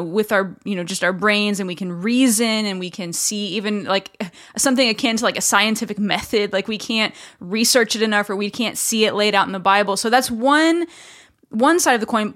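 A woman's voice: medium pitch, fairly bright tone. A woman hosting a podcast, asking conversational, rambling questions as she searches for words. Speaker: podcast host. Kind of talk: casual interview questions.

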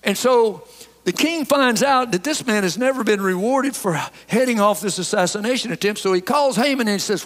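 Folksy preacher in a reverberant church. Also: male voice, sits high, expressive, normal speed, a bit bright. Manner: folksy, emphatic storytelling preacher. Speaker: pastor. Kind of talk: sermon. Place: church sanctuary. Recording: long hall reverb.

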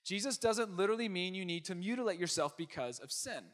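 High-voiced emphatic male pastor. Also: animated, fast talker. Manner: emphatic, swinging between loud and hushed. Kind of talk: sermon.

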